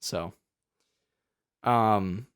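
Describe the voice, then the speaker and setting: In a clean, dry studio recording, a young man co-hosting a casual podcast speaks very slowly in a lowish, slightly bright, clear, resonant voice. Jokey and teasing, he laughs while ribbing his friend.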